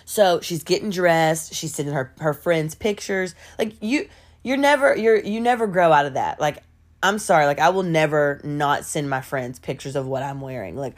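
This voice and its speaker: A woman telling a story on her home podcast, animated and chatty, full of asides. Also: low-pitched, moderate pace. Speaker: podcast host. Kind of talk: casual storytelling.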